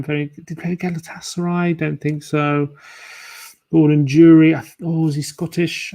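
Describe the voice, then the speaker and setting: Playing a quiz during his fan livestream, this man chats casually and mutters his guesses under his breath. He has a fairly high, slightly mellow voice.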